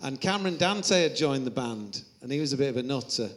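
A man's voice: medium pitch, lively intonation, a little fast, hardly any pauses. A man, a Christian musician, speaking as an interview guest. He moves from earnest reflection to self-mocking stories told with laughter. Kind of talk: anecdotal interview talk.

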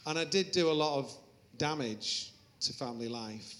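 A man's voice: medium pitch, a little fast. A man, a Christian musician, speaking as an interview guest. He moves from earnest reflection to self-mocking stories told with laughter. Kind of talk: anecdotal interview talk.

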